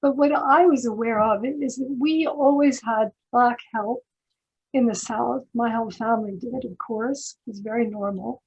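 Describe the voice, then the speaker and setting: A woman's voice: fairly high pitch, normal speed, a little mellow, slightly rough, lo-fi sound. An older American woman speaking as a panel guest in a discussion, thoughtful and emphatic, often restarting her sentences. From United States. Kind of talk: conversational discussion.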